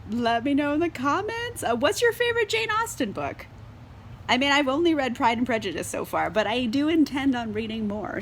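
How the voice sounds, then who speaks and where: A woman's voice: a little high, a bit bright, slight background noise. A tipsy young woman reviewing a book in a casual vlog, bubbly and laughing often, swearing freely and saying "like" a lot. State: tipsy from wine. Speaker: book vlogger.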